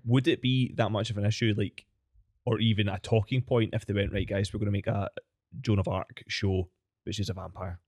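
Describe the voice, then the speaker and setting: A man's voice: on the low side, steady tone, fairly quick, darkish tone, husky, no echo. A man co-hosting a podcast, reflective and hedging, with a wry edge. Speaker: podcast co-host. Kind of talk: casual chat.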